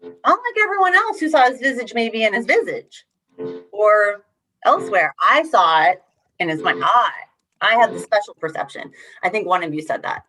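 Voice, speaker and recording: A woman's voice: a little high, moderate pace, soft background music. Encouraging woman leading an online workshop. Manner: encouraging, animated teacher talk with emphatic rereading of lines. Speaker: workshop facilitator. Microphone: video call.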